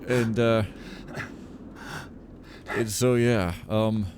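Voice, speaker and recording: A man's voice: lowish voice, steady tone, very slow, noisy background. A man giving casual, rambling commentary over a video game, cracking jokes as he plays. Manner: rambling, jokey, reads in-game letters aloud with a raised voice. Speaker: gameplay commentator. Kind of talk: casual let's-play commentary.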